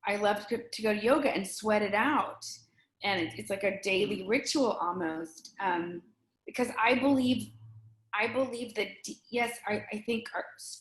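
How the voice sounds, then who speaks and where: A middle-aged woman speaking earnestly and emotionally as an interview guest, often halting and restarting her sentences. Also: mid-range voice, reverberant. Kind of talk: candid conversation.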